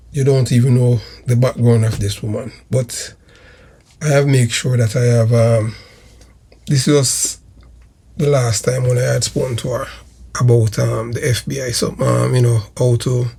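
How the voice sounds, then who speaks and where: A Jamaican man hosts a commentary channel and denounces his target in a slow, repetitive, emphatic monologue. His voice is gravelly and husky, with a rough fry running through it, and it sits at an ordinary male pitch. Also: little pitch movement, a little mellow. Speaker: channel host.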